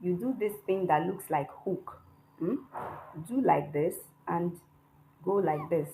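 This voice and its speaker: Female teacher for a beginners' lesson, unhurried and patient, checks in with listeners often, light noise behind. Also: lowish voice, vocal fry, warm tone, rough recording. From Nigeria. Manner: patient, checks in with frequent "hmm?". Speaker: Chinese language teacher. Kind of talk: online lesson, explaining while writing characters.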